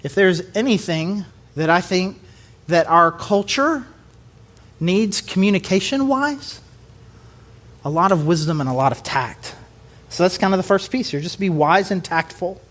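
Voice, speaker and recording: High-voiced pastor preaching a casual sermon. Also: male voice, unhurried, pauses often. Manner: conversational, animated with acted quotes.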